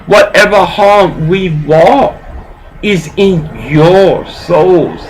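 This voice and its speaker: A woman's voice: on the low side, drawn-out words, darkish tone, a little hiss or hum, rough recording. An older woman delivering a rambling, profane vlog rant, dropping in Spanish words here and there.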